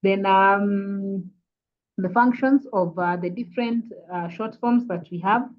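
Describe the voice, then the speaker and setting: A woman with a Kenyan accent leads an online revision lesson over a video call. Her voice sits at a middle pitch, and she is patient and repetitive, with steady "uh" fillers. The sound is dull and lo-fi. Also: slow. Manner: patient, repeats "kindly", frequent "uh" fillers. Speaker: English teacher.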